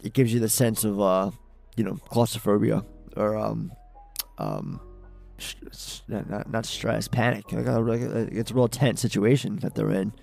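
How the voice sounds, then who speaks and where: A man co-hosting a podcast, casually recapping a film in a rambling, profane way, with frequent restarts and quick acted-out quotes of the characters. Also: on the low side, animated, vocal fry, darkish tone, faint music behind. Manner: acts out characters' lines in quick quoted bursts. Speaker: podcast co-host. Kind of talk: casual movie recap chat.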